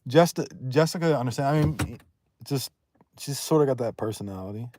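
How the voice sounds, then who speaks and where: A man talking casually on a livestream, blunt and profane, rambling and quick to raise his voice. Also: mid-range voice, animated, warm tone, no room sound. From Northeast United States.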